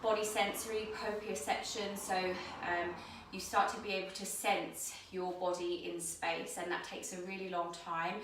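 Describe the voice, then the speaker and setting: A woman teaching a yoga handstand class, giving calm step-by-step cues while she demonstrates, somewhat out of breath. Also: lowish voice, normal speed, few pauses, background noise. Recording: very echoey room, mic at a distance.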